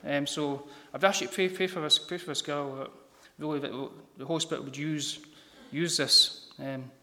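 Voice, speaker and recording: A man delivers an informal gospel sermon in a church hall, stumbling over his words and filling pauses with ums. His voice sits a little high for a man. The hall gives each phrase a long, reverberant tail. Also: fairly even intonation, pushed and bright. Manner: halting, many ums and repeated words. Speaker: lay preacher.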